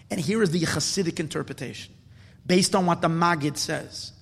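A high-pitched man gives a Hasidic Torah lecture, pronouncing his with an inflection. He swings from hushed, low reflection to loud, insistent preaching and doubles his words for emphasis. His voice carries a long reverb, as if in a large hall. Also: moderate pace. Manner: builds from low, quiet musing to loud, emphatic exhortation; repeats words for stress. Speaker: rabbi teaching Torah.

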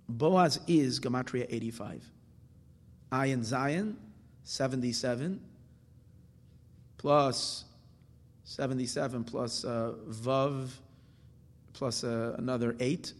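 A man's voice: medium pitch, big-room sound. A man giving a Torah class, explaining verses and asking and answering his own questions, with Hebrew terms mixed into his English. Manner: mixes Hebrew terms into English, with restarts and fillers. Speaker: Torah teacher.

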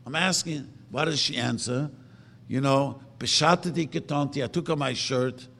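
A man preaching a sermon emphatically, asking rhetorical questions and slowly chanting verses. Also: mid-range voice, vocal fry, a bit bright. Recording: long reverb of a hall.

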